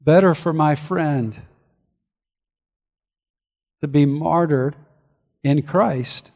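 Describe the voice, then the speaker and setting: A man's voice: on the high side, very slow, gravelly. Earnest preaching man in a reverberant hall. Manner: earnest preaching, rising and falling from forceful to hushed. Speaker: pastor. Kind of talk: sermon.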